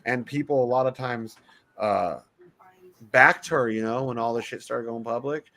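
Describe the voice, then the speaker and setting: A man co-hosting a podcast in casual chat, excitable and swearing freely. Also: medium pitch, normal speed. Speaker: podcast co-host.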